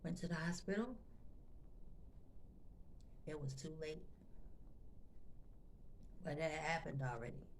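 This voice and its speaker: Very gravelly woman telling a story. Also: low-pitched, slight background noise. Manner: chatty, addresses viewers directly, repeats phrases for emphasis; emotional, intense when recounting. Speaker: storytime vlogger. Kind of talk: casual storytelling to viewers.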